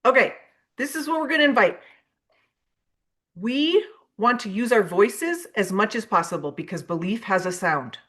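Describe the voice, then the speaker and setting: A woman's voice: medium pitch, normal speed. A woman giving a motivational keynote on sales psychology over a video call, acting out sample invitation messages. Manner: animated, acts out sample messages to prospects. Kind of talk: motivational sales training talk.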